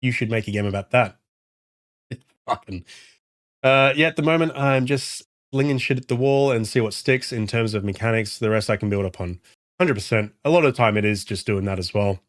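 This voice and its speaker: A man's voice: on the low side, a little fast, no echo, studio quality. A man chatting casually on a live stream from home into a desk mic, rambling, swearing and answering chat messages. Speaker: game streamer and indie developer.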